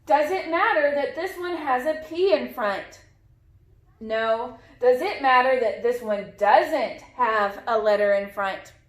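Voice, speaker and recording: A woman's voice: high voice, animated, takes it slowly, reverberant. A woman teaching a phonics lesson to young children, patiently modeling sounds and words.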